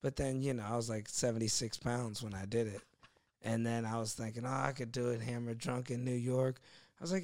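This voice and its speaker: Gravelly-voiced man telling stories. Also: medium pitch, fairly even intonation, brisk, a little mellow. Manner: rambling, storytelling, laughs often. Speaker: stand-up comedian. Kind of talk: casual podcast chat.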